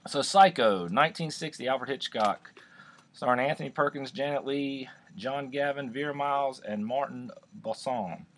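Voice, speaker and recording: A man's voice: mid-range voice, moderate pace, fairly bright tone. A man co-hosting a casual podcast, rambling and joking over a beer with frequent restarts. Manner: rambling, jokey, restarts often. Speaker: podcast co-host. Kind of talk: casual chat.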